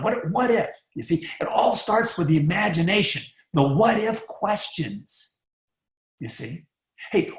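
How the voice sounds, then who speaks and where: A man giving a motivational talk, animated and rhetorical, often asking the listener questions. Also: high-pitched. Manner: animated, rhetorical, acts out little voices. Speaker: motivational speaker. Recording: echoey room.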